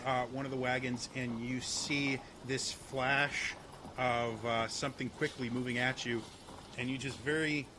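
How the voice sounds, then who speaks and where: Man, game master, laid-back halting narration, mid pitch, hissy noisy recording.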